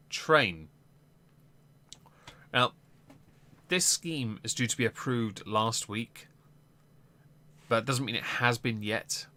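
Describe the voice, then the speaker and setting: A man's voice: medium pitch, sharp tone. A man hosting a political live stream, giving casual commentary with lots of ums and blunt swearing.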